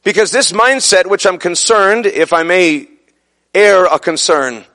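A man preaching a fervent sermon, building to shouted peaks. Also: sits high, measured pace. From son of a Brooklyn man.

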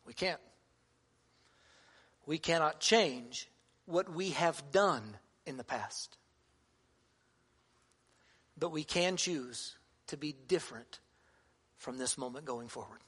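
A man's voice: on the high side, animated, takes it slowly, long pauses, a bit bright, breathy edge. A man in his thirties, a pastor giving a sermon to fathers, earnest and conversational with touches of humor.

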